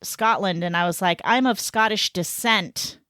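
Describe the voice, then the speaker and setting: A middle-aged woman co-hosting a casual podcast, chatting easily and tossing in quick reactions. Her voice sits at an ordinary pitch for a woman. The sound is close and dry, with no room echo. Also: fairly bright tone. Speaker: co-host.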